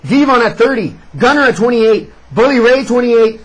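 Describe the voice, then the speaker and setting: A man reviewing a wrestling show in casual chat, sarcastic and animated as he recaps. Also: extremely high pitch, normal speed, husky, low-quality recording.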